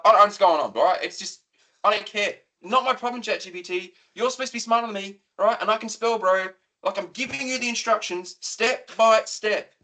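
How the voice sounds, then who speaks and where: An Australian man co-hosting a casual footy podcast, excitable and rambling, swearing freely as he tells stories. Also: sits high. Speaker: podcast co-host. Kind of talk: casual chat.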